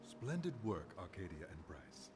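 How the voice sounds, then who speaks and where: An actor playing a soft-spoken scheming male demon chief, talking in a calm, hushed, almost whispery way. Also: low-pitched, normal speed, over music. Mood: smooth.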